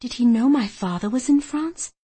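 A woman reading a first-person historical novel aloud in a measured, steady way. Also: fairly high pitch, husky. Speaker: audiobook narrator. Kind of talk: first-person storytelling narration.

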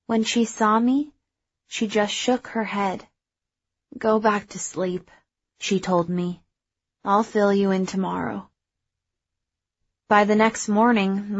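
A woman narrating a first-person story in a measured, even way. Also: mid-range voice, dry recording, muffled recording. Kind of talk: audiobook narration.

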